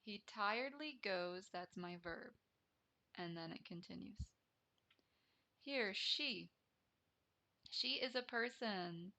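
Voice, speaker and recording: A woman English teacher explaining a grammar lesson deliberately, repeating each key term. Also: mid-range voice, expressive, vocal fry, bright, forceful tone.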